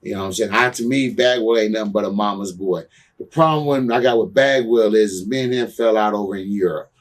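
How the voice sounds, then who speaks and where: Speaking a little fast in a fairly low voice, far from the microphone, the former pro wrestler candidly tells stories as an interview guest. Cursing and "you know what I'm saying" fill his speech, and recalling grudges makes him heated.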